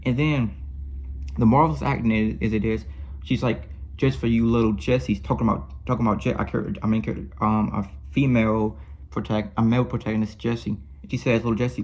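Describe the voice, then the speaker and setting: A man gives an unscripted film review in a warm, dark-toned voice with a husky edge. He gushes, loops back on his own phrases and corrects himself as he goes. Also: on the low side. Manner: rambling and effusive, with many restarts and self-corrections. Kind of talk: casual film review monologue.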